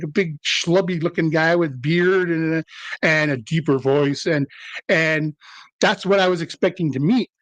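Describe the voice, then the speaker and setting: A middle-aged actor talking as an interview guest, telling rambling, self-deprecating stories. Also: male voice, on the high side, dry recording. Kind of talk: casual interview storytelling.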